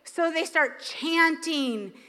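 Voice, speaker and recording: A woman pastor preaching a sermon, retelling scripture in an animated way with acted quotes. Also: extremely high pitch, slow, in a large hall. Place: church sanctuary.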